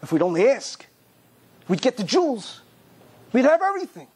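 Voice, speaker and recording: A man with a high-pitched voice delivers a sermon-style talk as a rabbi. He drives points home through repetition and builds urgency line by line. His delivery is that of an animated storyteller. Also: normal speed, husky.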